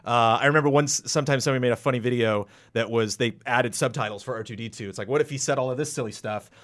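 A man in casual podcast chat, rambling and animated, acting out quotes with sudden jumps into a high voice. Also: fast talker. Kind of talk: casual podcast chat about video games.

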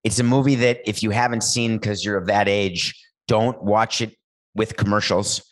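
A man hosting a talk show, riffing playfully and rambling, with sudden jumps in pitch. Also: steady tone, moderate pace. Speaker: show host. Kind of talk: comedic talk-show monologue with ad read.

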